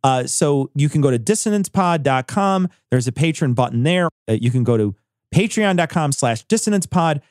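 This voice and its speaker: A man hosting a podcast in casual chat, animated, swearing and laughing often. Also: fairly high pitch, normal speed, dry recording, clean studio sound. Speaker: podcast host.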